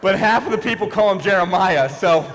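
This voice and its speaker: High-voiced man doing stand-up in an echoey hall. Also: some chatter behind, a little hiss or hum. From Philadelphia. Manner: animated, quick voice switches for quoted people. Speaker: stand-up comedian. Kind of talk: stand-up comedy. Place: large church hall before a live audience.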